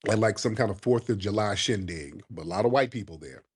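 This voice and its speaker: A man hosting a casual live stream while hoarse from a cold, talking in slang and calling out to his viewers. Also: lowish voice, animated, fairly quick. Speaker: livestream host. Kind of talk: casual livestream commentary.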